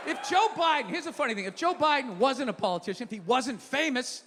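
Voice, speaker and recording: A man performing stand-up comedy, ranting with profanity and loud outbursts. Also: very high voice, lively intonation, fast talker, slight background noise. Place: comedy venue stage. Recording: live show in a large hall with audience.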